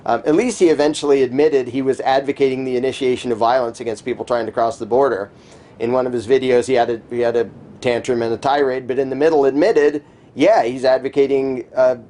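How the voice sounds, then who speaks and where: A man with a mellow, medium-pitched voice appears as a guest in a conversational interview. He speaks emphatically and scornfully, at times mimicking the voices of the people he criticizes.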